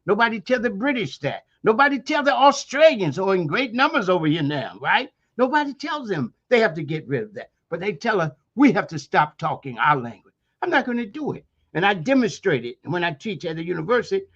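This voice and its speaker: In a sing-song, fairly quick delivery, this high-voiced man sounds fairly bright on a lo-fi recording. Hailing from Maryland's Eastern Shore with an African American Vernacular accent, the university lecturer speaks passionately as an interview guest, preacherly and full of rhetorical questions.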